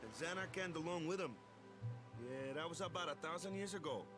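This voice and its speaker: An actor playing an easygoing young male island athlete, coach and team captain who talks in relaxed, friendly slang. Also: a little high, fairly quick, lightly acted. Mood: musing. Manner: laid-back, slangy, friendly. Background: game music.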